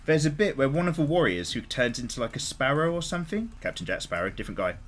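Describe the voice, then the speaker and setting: A man in his thirties chats casually while streaming, with a lively voice that swings up and down in pitch. He talks in a loose, sweary, openly emotional way, and soft music plays behind him. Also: quick pace. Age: 30s. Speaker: artist streaming live. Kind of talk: casual livestream chat.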